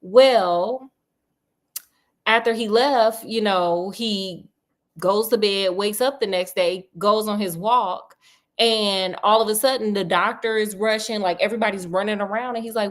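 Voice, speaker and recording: A woman retelling a story in a comedic, slangy, animated way, talking straight to her listener. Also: medium pitch, a little slow.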